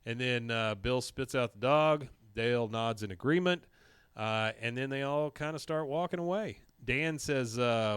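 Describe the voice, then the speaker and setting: Man retelling cartoon scenes in a dry, smooth voice. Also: medium pitch, unhurried, a bit bright, no echo. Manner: retells scenes, briefly mimicking characters' lines. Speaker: podcast host recapping episodes. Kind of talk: casual recap.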